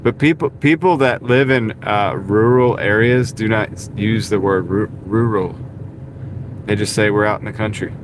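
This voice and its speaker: A man's voice: fairly low pitch, moderate pace. A man chatting casually and joking as he drives his delivery route, chuckling often. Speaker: delivery driver streaming live. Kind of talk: casual chat while driving. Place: inside a car. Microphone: small wireless clip-on mic. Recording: road and wind noise.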